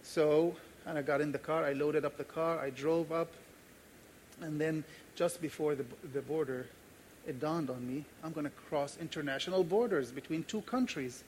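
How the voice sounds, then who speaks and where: A man from Jordan preaches to his congregation, his voice pitched a little high for a man. He tells a personal story with animation and acts out the voices in it. Faint background noise is heard under him. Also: moderate pace, darkish tone. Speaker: pastor.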